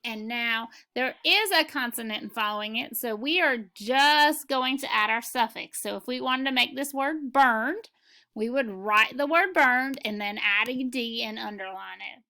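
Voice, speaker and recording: Woman phonics teacher, patient and deliberate, slightly gravelly, unhurried delivery. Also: on the high side, pushed and bright. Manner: patient, spells out sounds and models words. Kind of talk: slow, clear classroom instruction.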